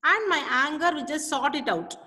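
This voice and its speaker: High, bright-voiced woman teaching slowly. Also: animated, long reverb tail, poor audio. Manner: explains slowly, asks frequent comprehension checks. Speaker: English teacher. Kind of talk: classroom poetry lesson.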